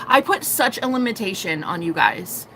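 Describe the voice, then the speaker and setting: Young woman, tarot streamer; bright, forceful delivery, profane and theatrical, slight background noise. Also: mid-range voice, moderate pace. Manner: animated, profane, acts out quoted voices. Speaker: tarot reader. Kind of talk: live-stream tarot reading.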